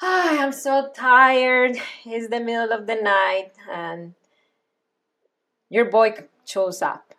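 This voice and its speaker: A worn-out mother at night, talking herself steady and then speaking softly to her son, with a woman coach playing the part. Her voice stays gentle and a touch high. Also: slow pace. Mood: weary. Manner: soft, soothing, self-calming. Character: tired mother soothing her little son.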